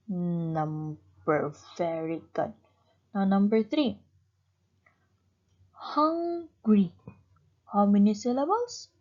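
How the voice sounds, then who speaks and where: Patient female teacher for young kids, very slow with a lively pitch, on a dull lo-fi recording. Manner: slow, patient, questions and praises pupils. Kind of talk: online class lesson for young children.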